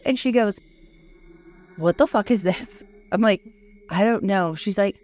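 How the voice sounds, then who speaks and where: Speaking at medium pitch and normal speed, a woman in her thirties who co-hosts a podcast recounts a creepy experience from her own life. The chat is casual, and her storytelling is animated, full of free swearing and acted-out quotes.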